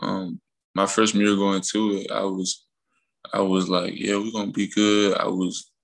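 A young man from Mississippi, a college basketball player, telling stories in a relaxed, rambling way in a casual interview. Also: low-pitched, unhurried, vocal fry, rough recording. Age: young adult. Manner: relaxed, rambling with fillers and restarts, laughs while telling stories.

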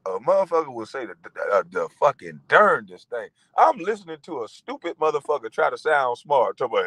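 A man in his forties ranting in a profane monologue, animated and mocking, breaking into laughter. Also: mid-range voice, a little fast, no room sound, poor audio. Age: 40s. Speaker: vlogger.

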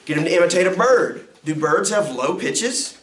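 A man, a pastor teaching a music ministry class in an animated lecture that swoops up and down in pitch. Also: normal speed. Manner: acts out sounds and quotes with big pitch jumps. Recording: roomy echo.

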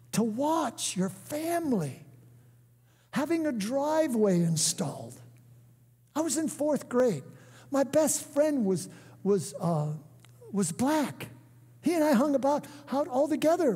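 An older man preaching a sermon, emphatic, breaking into shouts and calling on the congregation to answer. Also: extremely high pitch. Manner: emphatic, bursts into shouts and calls for response. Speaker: guest preacher. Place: church sanctuary. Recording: echoey church hall.

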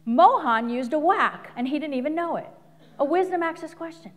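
Middle-aged woman, speaker and coach, animated storytelling, slightly high voice, long hall echo. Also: moderate pace. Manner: animated, laughs often, acts out quotes. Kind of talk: live inspirational talk with stories. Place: large venue before an audience.

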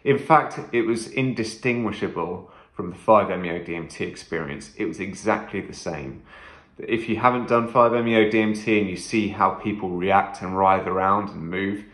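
A man's voice: sits low, moderate pace, fairly bright tone, reverberant. A man vlogging a first-person trip report, talking intensely and emphatically, swearing often and repeating phrases.

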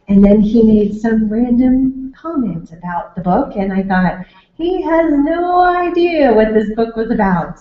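A woman teacher at a parents' workshop, telling a casual aside in a conversational way. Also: mid-range voice. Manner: conversational storytelling. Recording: echoey room, dull lo-fi sound.

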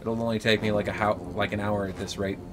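A man's voice: on the low side, level tone, quick pace, background noise. A man live-streaming a video game, talking through his play in an exasperated, jokey way.

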